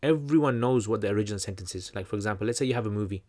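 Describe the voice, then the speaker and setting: A man's voice: fairly low pitch, very fast, darkish tone. A man hosting a livestream Q&A, teaching in a loose, conversational way, full of fillers and restarts. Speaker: channel host answering questions.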